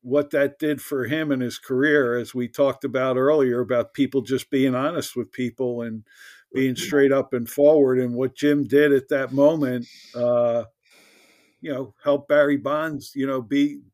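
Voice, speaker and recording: Man, podcast co-host, casual chat, mid-pitched voice. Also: fairly even intonation, measured pace, a little mellow. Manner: conversational, with many fillers.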